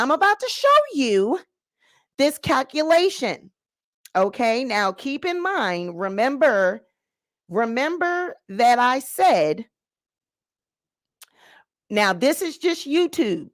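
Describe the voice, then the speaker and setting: A woman's voice: medium pitch, no echo. A woman YouTuber ranting straight to camera, sassy and confrontational, walking viewers through her points and checking in with "okay?". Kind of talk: direct-to-camera rant and explainer.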